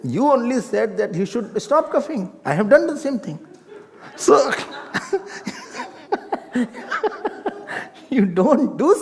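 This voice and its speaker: A man's voice: fairly high pitch, vocal fry. A man giving a playful, humorous talk on scripture as a swami, acting out little dialogues. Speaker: swami, spiritual teacher.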